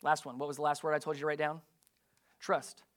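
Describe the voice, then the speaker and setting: A man's voice: on the high side, completely flat delivery, brisk, a bit bright. A man preaching a sermon as a pastor, emphatic and full of rhetorical questions to his listeners.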